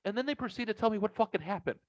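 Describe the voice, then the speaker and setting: A man's voice: high voice, very fast, no echo. Profane, rambling male podcast host. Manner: rambling, profane, animated retelling. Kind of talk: casual storytelling chat. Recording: dry, dull lo-fi sound.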